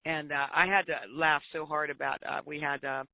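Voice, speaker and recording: A woman's voice: sits low, little pitch movement, fairly quick, creaky, no echo. An older woman, a business coach and author, telling stories earnestly as a talk show guest and laughing often. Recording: tinny phone line.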